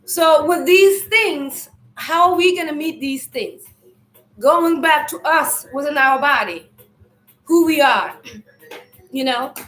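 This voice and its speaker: A high-pitched woman talks loudly and loosely on a live stream, rambling through a spiritual message to her viewers. Her throat is irritated and she keeps clearing it. The sound carries a roomy echo. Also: takes it slowly, faint music behind. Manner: loud, loose and rambling, speaks to viewers as family.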